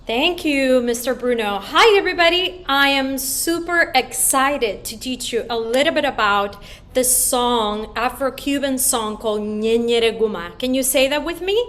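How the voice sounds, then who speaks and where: A woman's voice: high voice, unhurried, a bit bright. A woman from the Dominican Republic teaching children a song online, upbeat and leading call-and-response. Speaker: choir teacher.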